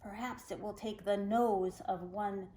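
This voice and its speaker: A woman reading aloud, voicing a clever, daring young boy hero who shouts warnings. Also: medium pitch, measured pace, roomy sound, natural voice. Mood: musing. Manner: excited shouting.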